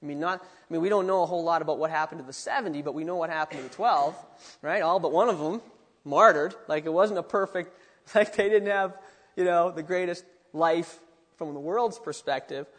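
High-voiced man preaching in a hall. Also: fairly quick. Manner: animated, acts out quotes with bursts of excitement. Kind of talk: sermon.

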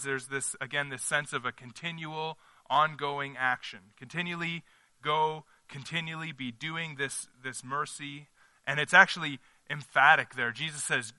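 Bright-toned earnest male preacher. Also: medium pitch, fairly even intonation, moderate pace, no room sound. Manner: earnest, emphatic, thinking aloud. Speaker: pastor. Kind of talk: conversational sermon. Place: church service.

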